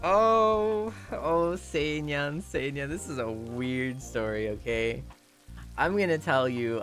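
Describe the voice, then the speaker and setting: Rambling young man with lively pitch. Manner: rambling, full of "you know" and restarts; laughs often while telling. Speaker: streamer. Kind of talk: casual storytelling chat.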